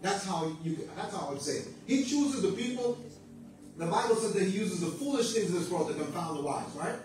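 A man's voice: sits high, expressive, a little fast, darkish tone, faint music behind. A man preaching a sermon in a church, urging his listeners on with repeated phrases and call-and-response amens. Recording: very echoey room, mic at a distance.

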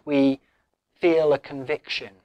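A man's voice: medium pitch, level tone, slow pace, darkish tone, no room sound. A man with an English accent preaching a sermon in an earnest, questioning way, his voice swelling and then dropping almost to a whisper. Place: church.

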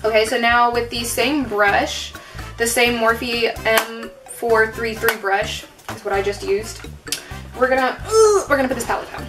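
This young woman's fairly high voice keeps a measured pace over background music. A beauty vlogger at home in front of a mirror, she chats through a makeup tutorial to a table-mounted camera, sarcastic and self-mocking, leaning on "like" as a filler.

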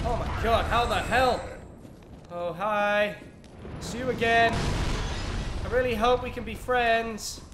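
A man's voice: high-pitched, background noise. A man commenting on his own gameplay, panicky, yelping and swearing as he plays. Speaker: gaming channel host. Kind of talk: let's play commentary. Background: game music.

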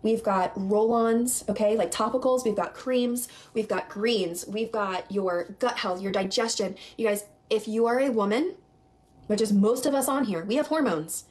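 A young woman recruiter giving an emphatic, repetitive sales pitch to her team, often calling them "you guys". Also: normal speed, darkish tone. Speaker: network marketing recruiter.

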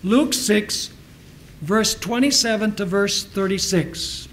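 A man's voice: sits high, takes it slowly, a bit bright, a little hiss or hum, rough recording. A middle-aged man preaching a sermon in a church, reading scripture aloud and asking the congregation rhetorical questions. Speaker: pastor.

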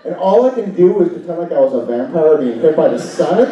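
A man performing a stand-up comedy set on a club stage, animated and breaking into high panicked shrieks for his bits. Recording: roomy, distant, dull club recording. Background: audience laughter.

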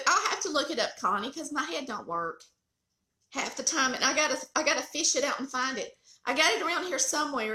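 Animated Southern woman telling family stories. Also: fairly high pitch, reverberant. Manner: folksy, animated storyteller. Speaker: cooking channel host. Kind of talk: casual storytelling chat.

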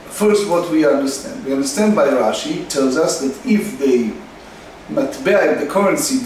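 Slow, halting man teaching Talmud. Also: on the high side, a little mellow, recorded from a distance. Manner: slow, halting delivery, reading Aramaic then translating. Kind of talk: daily Talmud lesson. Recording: echoey room, faint noise.

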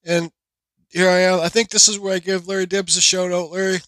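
Man, forties, bright and slightly high, casual rambling vlog voiceover. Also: brisk, no room sound. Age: 40s. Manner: animated, rambling storyteller with many restarts. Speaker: woodcarving channel host.

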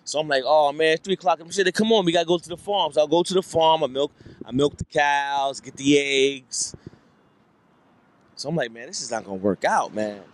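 A man's voice: on the high side, fairly even intonation, moderate pace. A man doing stand-up, telling a rambling story with repeated lines and voiced quotes. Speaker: stand-up comedian. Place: comedy club stage.

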